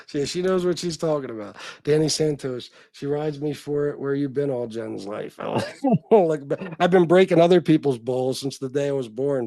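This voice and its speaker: A man's voice: mid-range voice, darkish tone, dry recording. A middle-aged man hosting a casual livestream, reading chat comments and talking in a blunt, profane, self-deprecating way.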